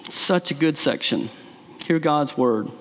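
High-voiced preacher in an echoing hall. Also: male voice, animated, slow pace, a little hiss or hum. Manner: earnest teaching with rhetorical questions. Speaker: pastor. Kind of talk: sermon. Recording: long hall reverb.

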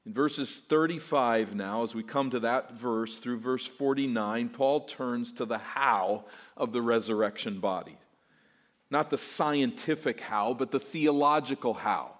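A pastor preaching an expository sermon, emphatic and voicing imagined objections. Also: male voice, mid-range voice, a little slow. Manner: emphatic, voices mock objections.

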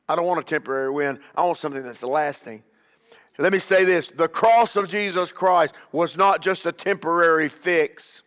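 A man's voice: on the high side, a bit bright, big-room sound. A man preaching as a bishop, emphatic, with call-and-response and repeated questions to the congregation. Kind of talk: sermon.

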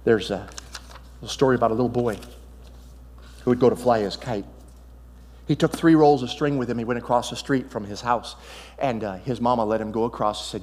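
A male pastor preaching a sermon, telling Bible stories in an animated way and swinging between loud, excited passages and hushed ones. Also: medium pitch, fairly quick, long pauses, big-room sound, a little hiss or hum.

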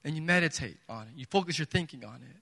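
A man's voice: fairly high pitch, animated, fast talker, vocal fry, pushed and bright, husky. A man preaching a sermon as pastor, emphatic and conversational, asking his listeners rhetorical questions. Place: church sanctuary. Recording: reverberant church hall.

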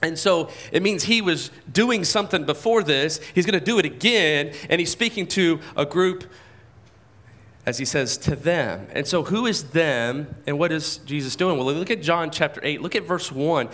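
Guy preaching at church on a mic, kinda high voice, chatty, keeps asking the room stuff and doubling words. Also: lively intonation, normal speed, a bit bright. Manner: conversational, asks the congregation questions, repeats words when starting sentences. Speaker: pastor. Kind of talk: sermon. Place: church service. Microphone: handheld or stand microphone.

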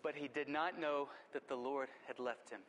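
A man's voice: medium pitch, fairly even intonation, normal speed, fairly bright tone, long reverb tail, slight background noise. A man preaching a sermon in an earnest, conversational way, retelling scripture and reflecting on it. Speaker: pastor.

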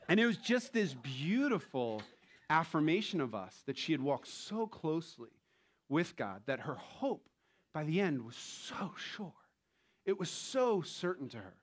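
A man in his thirties preaching a sermon in a relaxed, conversational way, telling stories with light laughter. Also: fairly high pitch, measured pace. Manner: conversational, animated storytelling with laughs. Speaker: pastor.

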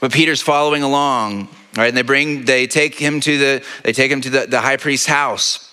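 A man's voice: mid-range voice, steady tone, moderate pace, pushed and bright. A man preaching a sermon as pastor, retelling a scripture story in a conversational way and often asking "right?". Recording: long reverb of a large hall.

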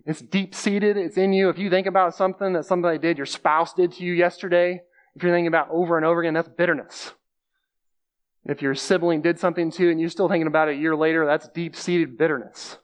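Slightly high-voiced man preaching casually. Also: steady tone, fast, clean tone. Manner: explains scripture plainly, repeats phrases, uses everyday examples. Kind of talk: conversational sermon.

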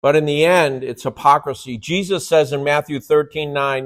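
A man's voice: a little high, steady tone, normal speed. A man preaching a sermon to his church, emphatic and often asking rhetorical questions. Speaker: pastor.

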